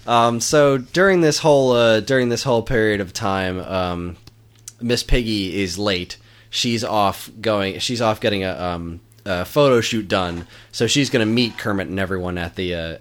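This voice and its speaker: A man with a fairly low voice chats casually and with enthusiasm. He laughs often and his talk is full of fillers and restarts. He keeps a loose, relaxed flow. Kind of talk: casual chat.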